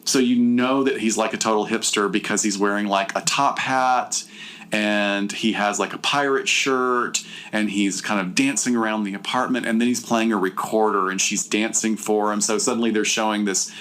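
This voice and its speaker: A middle-aged man co-hosting a podcast, chatting casually and retelling a film, jumping into high put-on voices to quote characters. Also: normal speed. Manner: animated storyteller, jumps into high voices when quoting characters. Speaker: podcast co-host. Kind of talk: casual chat, retelling a film with acted-out lines.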